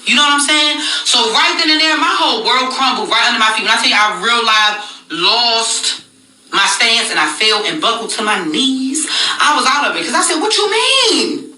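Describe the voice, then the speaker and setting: A woman's voice: on the high side, normal speed. A woman retelling a personal story dramatically, acting out what people said. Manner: animated, dramatic retelling with voiced quotes. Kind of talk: storytime rant. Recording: roomy, distant echoey clip.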